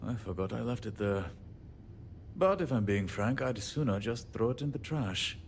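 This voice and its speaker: A man's voice: mid-range voice, expressive, moderate pace, vocal fry, slight background noise. An actor playing a short-tempered, self-deprecating male handyman in a video game, speaking in a wry, joking way. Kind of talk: video game character dialogue.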